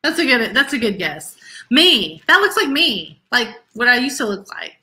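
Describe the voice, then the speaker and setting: A woman's voice: a little high, very animated, unhurried, pushed and bright, slight background noise. A woman co-hosting a casual live stream, teasing her co-hosts and reading viewer comments aloud in a chatty way. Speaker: co-host of live resale show.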